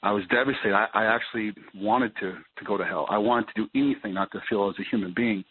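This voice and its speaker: A man telling his personal recovery story as a guest, in a halting way that repeats words as he restarts. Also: on the low side, a little hiss or hum. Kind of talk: personal testimony. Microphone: phone call. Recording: tinny phone line.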